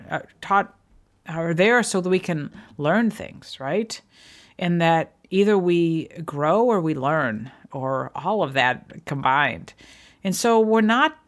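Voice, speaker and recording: A middle-aged woman hosting a solo podcast, speaking earnestly and encouragingly to her listeners. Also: lowish voice. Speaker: podcast host. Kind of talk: reflective solo podcast talk.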